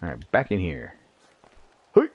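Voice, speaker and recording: Jokey male streamer, swooping lively pitch. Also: measured pace, husky, muffled recording. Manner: jokey, swears, talks to himself and teammates. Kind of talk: live gameplay commentary.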